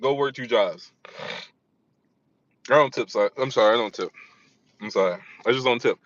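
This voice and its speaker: A man gives a loose, rambling vlog monologue, stumbling over restarts and repeating himself. His voice sits at a middle pitch with a bright, forceful edge. The recording is dry and slightly dull, like cheap lo-fi gear. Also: normal speed, no room sound. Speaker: vlogger. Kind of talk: casual monologue.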